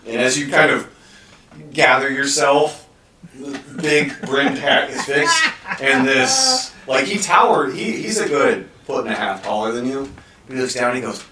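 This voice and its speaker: A man narrating a tabletop game as game master, telling the scene with animated, laughing energy. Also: medium pitch, unhurried. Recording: roomy distant mic with noise.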